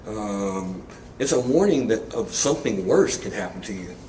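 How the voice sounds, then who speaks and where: Conversational preacher in an echoey room. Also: male voice, on the low side, expressive, normal speed, darkish tone, slight background noise. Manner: conversational preaching with casual asides and humor. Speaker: pastor. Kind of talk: sermon. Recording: echoey room, mic at a distance.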